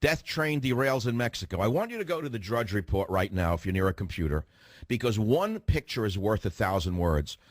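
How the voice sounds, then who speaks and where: A man's voice: fairly low pitch, very animated, a little fast, no echo, studio quality. A man hosting a political radio commentary, ranting fiercely, firing rhetorical questions and repeating phrases for emphasis. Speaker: radio talk show host.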